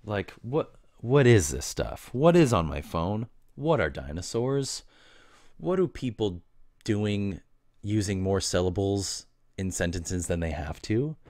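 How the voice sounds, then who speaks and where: A man's voice: fairly low pitch, big pitch swings, slow, a little mellow, no room sound, clean studio sound. A man hosting a podcast, telling loose, meandering stories in casual slang and often laughing at himself. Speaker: podcast host. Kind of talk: casual rambling monologue.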